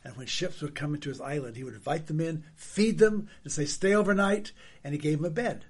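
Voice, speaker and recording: A man hosting a casual conversation, telling stories in a husky voice that trails off quietly at the ends of sentences. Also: on the high side, lively intonation, quick pace. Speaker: host.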